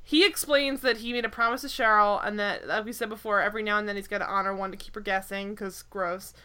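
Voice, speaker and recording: Bright-voiced woman recapping a show. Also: mid-range voice, quick pace, clear, resonant tone. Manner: animated, laughing, exasperated retelling. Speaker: podcast co-host recapping a sitcom. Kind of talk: casual chat.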